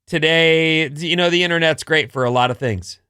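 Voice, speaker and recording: A man's voice: fairly high pitch, normal speed, pushed and bright, clear, resonant tone, no room sound, clean studio sound. A middle-aged man co-hosting a morning radio show, upbeat and teasing, reading ads and news. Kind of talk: casual radio banter and ad reads.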